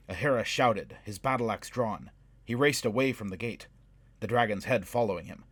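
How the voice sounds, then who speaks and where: A man reading a fantasy novel aloud in measured, dramatic scripted narration. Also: fairly low pitch, a bit bright, husky, no room sound. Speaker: audiobook narrator.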